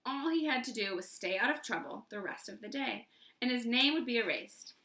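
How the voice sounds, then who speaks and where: A woman reading a children's chapter book aloud with expression, pausing to ask listeners questions. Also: fairly high pitch, animated, bright, forceful tone, reverberant. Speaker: storyteller.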